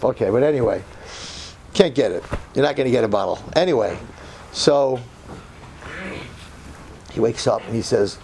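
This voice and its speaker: A man in his sixties from New York telling a story in a sermon, with dramatic swings from hushed murmurs to loud outbursts. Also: mid-range voice, normal speed, vocal fry, long pauses, slight background noise. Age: 60s. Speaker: religious teacher.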